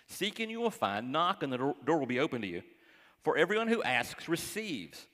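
A man's voice: on the high side, sing-song, a little fast. A man preaching a conversational sermon as pastor, with folksy joking asides to the congregation and acted-out quoted voices. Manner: acts out quoted voices, dropping to hushed tones. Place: church sanctuary. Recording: church hall reverb.

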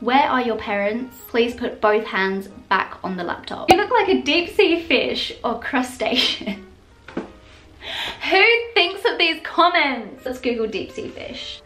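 A woman's voice: on the high side, big pitch swings, a little slow, a bit bright, soft background music. A young woman chatting casually in a home vlog, playful and sarcastic, laughing often as she reads comments aloud. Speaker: YouTuber.

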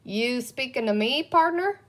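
A woman voicing a lazy male cowboy sheriff from a storybook, speaking in a slow drawl. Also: high voice, expressive, fairly bright tone, exaggerated voice.

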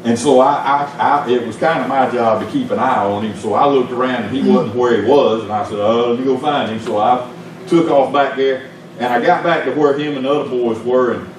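An older man with a Southern US accent preaching a sermon, telling stories in a folksy way with big swings in pitch. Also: a little fast, slight background noise. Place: church sanctuary. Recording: echoey church from far off.

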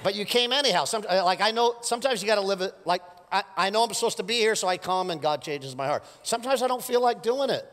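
A middle-aged male pastor preaching live, his slightly high voice ringing through a hall with a long reverb. He is animated and teases the congregation as he goes. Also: quick pace, few pauses. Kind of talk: sermon. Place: church sanctuary.

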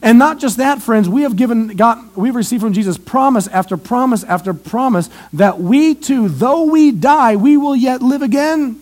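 A man preaching an evangelistic sermon in a church, asking questions and answering them, swinging from loud emphasis to hushed asides. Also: very high voice, normal speed, hardly any pauses.

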